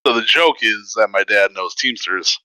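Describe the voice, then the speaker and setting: Bright-voiced man telling a story. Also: on the low side, normal speed, no room sound, poor audio. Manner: animated, acts out quoted voices. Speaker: podcast host. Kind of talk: casual storytelling.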